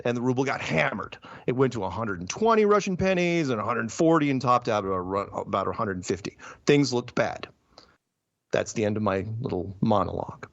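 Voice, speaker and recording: Male host, fired-up and sarcastic, talking with a lively pitch in a dry, lo-fi recording. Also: no echo. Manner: animated, sarcastic, laughing asides. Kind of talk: casual news commentary. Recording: dull lo-fi sound, dry.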